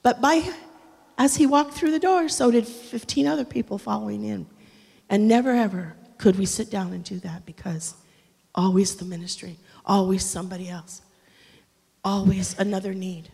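A middle-aged woman pastor preaching a humorous, animated sermon, acting out quotes and swinging between loud and quiet. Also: medium pitch, normal speed, vocal fry, breathy edge. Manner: animated, humorous, acts out quotes with big shifts in loudness. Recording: long reverb of a large hall.

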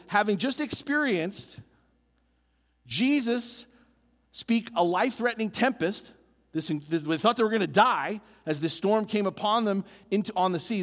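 Animated male preacher in a reverberant hall. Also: sits high. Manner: animated, building emphasis with repeated phrases. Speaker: pastor. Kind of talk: sermon.

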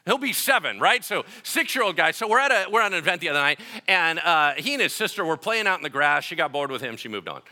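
Casting note: male pastor, young adult, lively sermon delivery, bright forceful tone, swings widely in pitch. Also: fast talker, few pauses. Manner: animated, joking storyteller with voiced asides.

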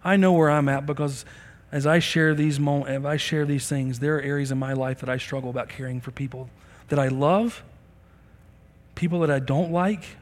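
A man preaching a sermon in a church service, telling stories with animated delivery and acting out the people in them. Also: on the high side, normal speed. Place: church sanctuary during a service. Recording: long reverb of a large hall.

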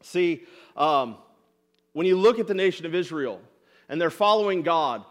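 A male pastor delivers a sermon in a fairly high voice. He speaks earnestly and often repeats words as he builds toward each point. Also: lively intonation, normal speed. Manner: acts out the people's complaints in quoted voices.

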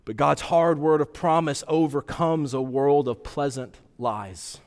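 A man with a fairly high voice preaches to his congregation, talking in a relaxed, conversational way and often checking in with a quick rhetorical question. His voice carries a long reverb, as if it fills a large church sanctuary. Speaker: pastor. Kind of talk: sermon.

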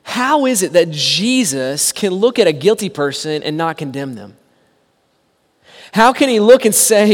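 A man preaching a sermon, emphatic, asking rhetorical questions and dropping to a hushed voice for quotes. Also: sits high, sing-song, a little slow, long reverb tail. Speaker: pastor.

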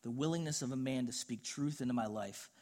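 A man's voice: mid-range voice, fairly quick, a little mellow. A middle-aged man preaching a sermon, telling a personal story in an earnest, conversational way. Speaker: pastor.

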